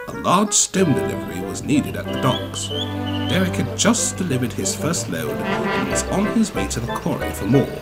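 Male storybook narrator, steady telling, music bed. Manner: steady, lower-pitched telling. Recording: music playing behind.

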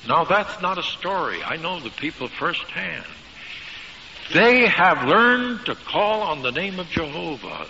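A man preaching a sermon, telling stories emphatically with dramatic pauses. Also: sits high, very animated, bright, forceful tone, slight background noise. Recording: dull lo-fi recording with long hall reverb.

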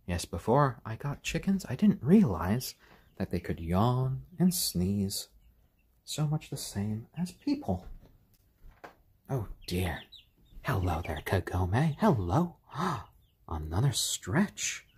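A man hosting a casual live stream, chatting gently and cooing to his pet birds. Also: lowish voice, very animated, slow pace, husky. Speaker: stream host.

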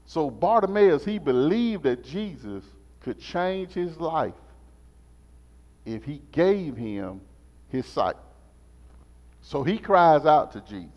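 A man teaching a Sunday school lesson as a sermon, animated and repetitive in a call-and-response style. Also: on the high side, takes it slowly, long pauses. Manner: animated, call-and-response preaching, repeats phrases. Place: church sanctuary. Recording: muffled sound in a reverberant church.

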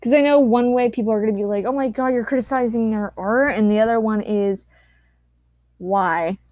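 A woman's voice: a little high, moderate pace, a little mellow, no echo. A woman giving casual commentary on fan art, gushing and cooing with some casual swearing. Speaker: YouTuber reacting to fan art.

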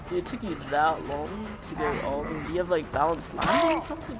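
A man's voice: on the high side, big pitch swings, fast talker, hardly any pauses. A young man giving casual gameplay commentary, tired and exasperated, talking at the other players and laughing often. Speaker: gaming youtuber. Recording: music playing under the voice. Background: background music.

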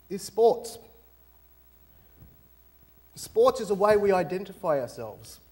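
A man's voice: high-pitched, big pitch swings, slow pace, long pauses, dark tone. A young adult man with an Australian accent, giving a joking, audience-engaging talk as guest speaker in a university auditorium. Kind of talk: lively lecture to students.

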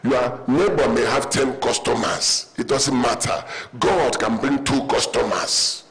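A man's voice: medium pitch, expressive, unhurried, a bit bright, low-quality recording. A man preaching a sermon in a church auditorium, telling humorous stories and calling the congregation to respond. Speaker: pastor.

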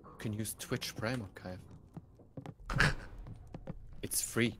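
A man's voice: fairly low pitch, slow pace, noisy background. A man making sly asides to the stream while playing with teammates. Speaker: teammate on voice chat. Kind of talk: casual gaming chat. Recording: keyboard typing heard behind.

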